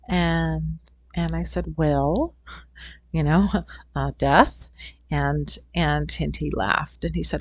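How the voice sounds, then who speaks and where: A woman's voice: low-pitched, fairly even intonation, slow, no echo. A middle-aged woman, a holistic healing teacher, telling a personal story in an earnest, rambling way. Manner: rambling, earnest, with frequent restarts. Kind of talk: casual storytelling talk.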